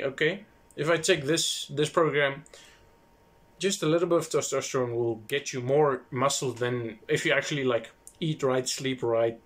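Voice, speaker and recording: Rambling man retelling history casually. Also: medium pitch. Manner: rambling, loose asides and self-corrections.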